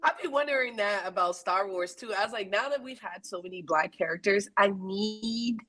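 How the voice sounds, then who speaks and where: A woman with an American accent co-hosting a casual spoiler chat, animated and slangy, often laughing. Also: mid-range voice, moderate pace. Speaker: podcast co-host.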